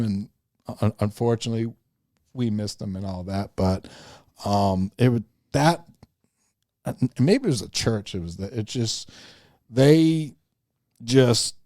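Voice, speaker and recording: A man from the northern United States, co-hosting a faith podcast and telling a story in a lively, chatty way. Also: medium pitch, no room sound, clean studio sound. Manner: animated storyteller, acts out quoted voices. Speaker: podcast co-host. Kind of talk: casual storytelling chat.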